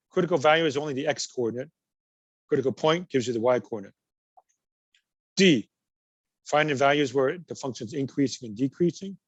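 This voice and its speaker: In a recorded college lecture, a male math instructor speaks with a mid-range voice and no echo. He goes through examples patiently and keeps repeating the key words.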